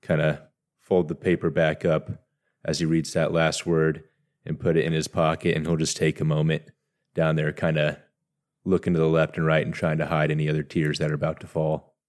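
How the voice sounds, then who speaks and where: Very deep-voiced male player, hesitant. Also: completely flat delivery, moderate pace. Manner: soft, hesitant, full of "uh" and "kinda". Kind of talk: describing character actions in a tabletop game.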